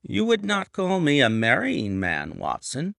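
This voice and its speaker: A man voicing a calm, confident male detective who speaks in a measured, self-assured way. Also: on the high side, vocal fry, no echo, clean studio sound, voice pushed up, exaggerated voice. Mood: amused. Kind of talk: audiobook reading.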